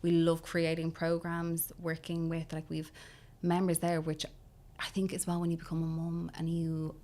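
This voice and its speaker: A woman's voice: sits low, monotone, moderate pace, warm tone. An Irish woman, a fitness coach guest on a podcast, talking earnestly and searching for words as she goes. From Ireland. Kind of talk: casual interview chat.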